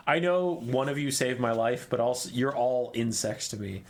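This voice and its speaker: A man's voice: medium pitch, moderate pace, lightly acted. A man doing a weary, contemptuous elf mage. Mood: disdainful weary. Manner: contemptuous, tired, dismissive. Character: arrogant, weary, ancient high elf mage.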